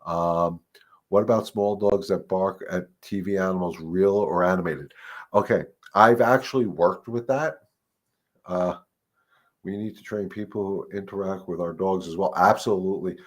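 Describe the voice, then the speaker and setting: A man's voice: low-pitched, normal speed. A man, a dog trainer hosting a casual live Q&A, talking in a rambling way with fillers and restarts. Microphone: live stream microphone.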